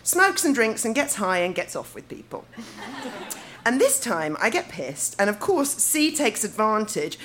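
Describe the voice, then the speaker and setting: Woman, diary reading on stage, giggly, lively sing-song delivery. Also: medium pitch, a little slow, a little hiss or hum. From England. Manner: giggly, breaking into laughter between lines. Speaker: diary reader. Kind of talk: reading her teenage diary aloud on stage. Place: live show venue.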